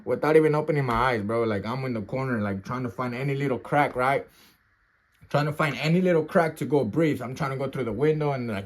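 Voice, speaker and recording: A man's voice: mid-range voice, brisk. A man telling a story casually in street slang, often tagging "right?" and "bro", and acting out sounds and gasps as he goes. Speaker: storyteller recounting his youth custody experience.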